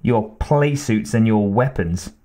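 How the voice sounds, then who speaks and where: A man's voice: lowish voice, lively intonation, slow, warm tone. A male narrator voicing a sardonic woman lieutenant, speaking in a dry, mocking way in an audiobook. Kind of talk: audiobook character reading.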